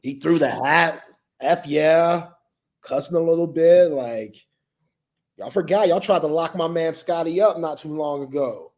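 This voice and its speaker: A man's voice: a little high, a little slow, a little mellow. A man co-hosting a live sports talk show, chatting loosely in slang and laughing often. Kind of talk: casual sports chat.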